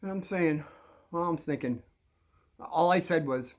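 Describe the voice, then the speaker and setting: An older man casually telling a childhood story, rambling and animated, with restarts and chuckles. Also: fairly high pitch, unhurried.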